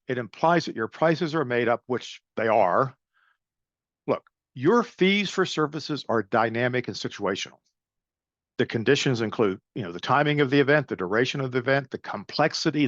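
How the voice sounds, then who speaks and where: A man's voice: medium pitch, no room sound, lo-fi sound. Blunt, emphatic man coaching a webinar. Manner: emphatic, coaching, blunt with frequent "right?" and "okay?". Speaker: sales and pricing consultant presenting a webinar. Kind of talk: webinar presentation.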